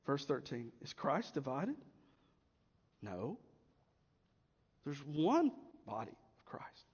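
A man with a high voice preaches a sermon, moving from loud emphasis to hushed, near-whispered asides. His voice rings out in a long, echoing hall. The recording sounds slightly muffled. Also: huge pitch swings, takes it slowly, long pauses, husky. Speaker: pastor.

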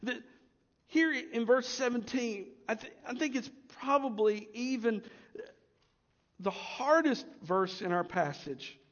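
A man preaching a sermon as pastor, swinging between loud emphasis and hushed asides. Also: extremely high pitch, animated, slow, big-room sound, muffled recording.

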